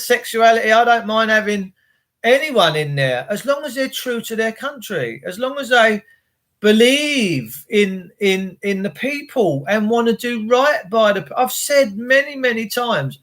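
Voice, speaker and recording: A man's voice: sits high, a bit bright. A man hosting a livestream, rambling and swearing bluntly as he chats. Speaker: livestream host. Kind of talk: casual rambling livestream rant.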